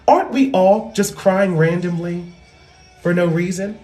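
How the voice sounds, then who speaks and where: A woman comedian talking loudly and animatedly in a casual, profane monologue into a microphone. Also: on the low side, measured pace. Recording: roomy echo with faint music.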